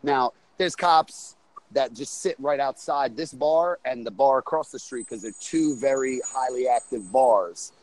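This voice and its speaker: A man's voice: mid-range voice, a little slow, darkish tone, dry recording, low-quality recording. A man casually telling a crude story in a rambling, profane way, often checking in with "right?". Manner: rambling, profane, says "right?" and "you know what I'm saying" often. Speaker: storyteller on a group call. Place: on a loud street outside a bar.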